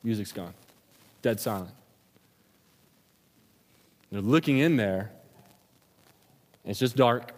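A man's voice: lowish voice, lively intonation, slow, pauses often. A man preaching a sermon, retelling the scripture story in a casual, slangy storytelling manner. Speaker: pastor. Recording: long reverb of a large hall.

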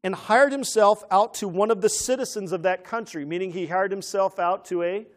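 A man preaching an animated teaching sermon who keeps asking his listeners questions. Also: high voice, moderate pace.

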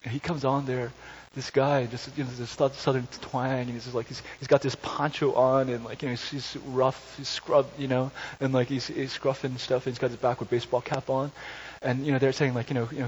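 A man's voice: mid-range voice, flat delivery, brisk, darkish tone. A man preaching a conversational sermon, with joking asides and frequent self-corrections. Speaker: pastor. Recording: slightly dull recording with faint hiss.

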